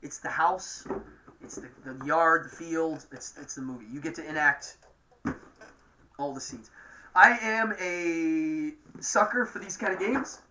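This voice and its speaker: East Coast male host, rambling and keen, bright tone, casual stream chat. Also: on the high side, measured pace, a little hiss or hum. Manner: chatty, rambling, enthusiastic. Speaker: livestream show host.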